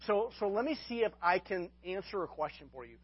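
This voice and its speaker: A man's voice: high voice, expressive, a little fast, slightly rough, no echo, dull audio. A man preaching a sermon as pastor, often restarting and repeating words, with folksy asides to his congregation.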